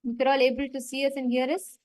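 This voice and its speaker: A woman's voice: sits high, level tone, fast talker, darkish tone, dry recording, poor audio. A woman facilitating a live online meditation session, retelling a story and stressing her points.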